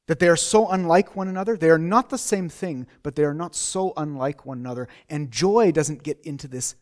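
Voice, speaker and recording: A middle-aged man preaching a sermon, his voice sitting a little high. He talks to the room in a conversational way, circling back over his phrases and asking rhetorical questions. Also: a little fast.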